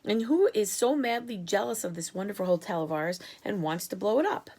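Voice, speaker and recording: A woman as a fawning male spy in falsetto, lively and eager. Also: brisk, natural voice.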